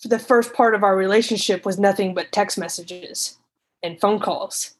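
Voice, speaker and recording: A woman telling a painful personal story in a casual, halting way, often restarting and repeating herself. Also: mid-range voice, poor audio. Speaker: storyteller recounting her past.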